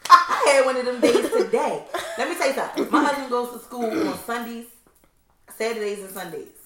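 Bright, animated woman in an echoey room. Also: fairly high pitch, brisk, far from the mic. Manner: animated, laughing storyteller. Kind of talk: casual chat. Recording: echoey room, voice set back from the mic.

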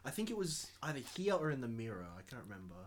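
A man's voice: mid-range voice, sing-song, racing, crowd noise. Male co-host who questions and teases, others talking around him. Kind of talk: casual movie commentary chat.

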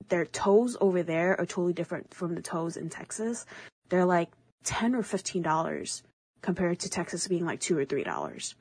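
Husky-voiced young woman telling a story. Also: fairly low pitch, dry recording. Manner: rambling, animated, quotes others in their own voices. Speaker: podcast co-host. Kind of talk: casual storytelling chat.

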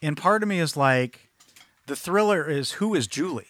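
A man's voice: fairly high pitch, expressive, normal speed, fairly bright tone. Rambling, jokey man talking films. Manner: rambling, jokey, self-interrupting. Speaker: podcast co-host. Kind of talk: casual film discussion.

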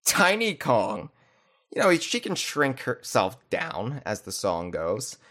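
A man's voice: mid-range voice, wildly swooping pitch, slow pace, sharp tone. A man hosting a podcast, chatting casually in rambling, joking runs with restarts. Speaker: podcast host. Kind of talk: casual chat.

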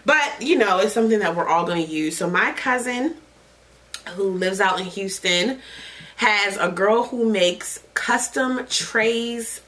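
Excitable, foul-mouthed woman podcast host. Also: mid-range voice, poor audio. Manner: excitable, gushing, swears freely. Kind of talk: casual chat.

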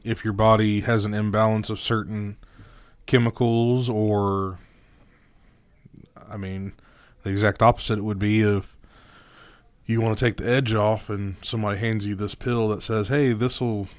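A man's voice: lowish voice, level tone, a little slow, clean tone, no echo. A man co-hosting a casual podcast, answering in a dry, contrary, skeptical way. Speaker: podcast co-host.

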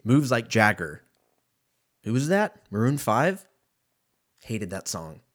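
A man's voice: on the low side, big pitch swings, slow pace. A man rambling in a casual, profane solo monologue, laughing often and drifting between topics.

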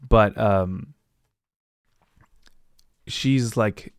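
A man's voice: fairly low pitch, a little slow, no room sound, clean studio sound. A man hosting a podcast from home, casually recapping a book in a rambling way, often slipping into loose quoted asides. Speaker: podcast host. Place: at home with his dog.

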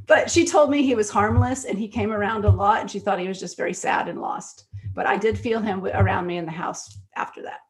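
Animated woman telling stories. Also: mid-range voice. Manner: animated, quick storyteller with frequent fillers. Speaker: guest author and screenwriter. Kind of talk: conversational interview storytelling.

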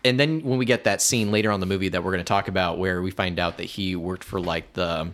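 A man's voice: sits low, fairly even intonation, quick pace, fairly bright tone. A man co-hosting a film podcast, talking casually and loosely with lots of "like" fillers. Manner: rambling, many "like" fillers, quotes lines. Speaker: podcast co-host.

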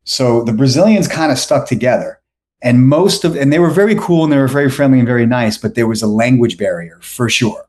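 Here a man from New York guests on a podcast and rambles through a casual anecdote full of fillers and false starts. He talks briskly and expressively, his medium-pitched voice carrying a touch of mellowness.

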